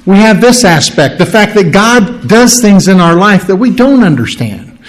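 Male pastor, high voice, casual Bible-teaching sermon, rhetorical questions. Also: very animated, moderate pace, poor audio.

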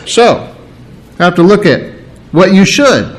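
A man's voice: sits high, sing-song, measured pace, pauses often, low-quality recording. A man preaching an expository sermon, working through word meanings step by step and stressing the key words.

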